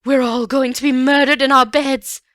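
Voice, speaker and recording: A woman's voice: lowish voice, sing-song, a little slow, a bit bright, no room sound, clean studio sound. A woman voicing a fretful older housekeeper aunt who quavers and frightens easily, in an audiobook reading. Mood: panicked.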